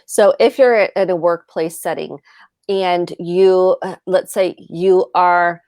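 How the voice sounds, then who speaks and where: A woman therapist calmly explaining in a video call conversation, acting out short example exchanges. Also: on the low side, slow pace, no room sound, studio quality. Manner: calm explaining, acts out example dialogue.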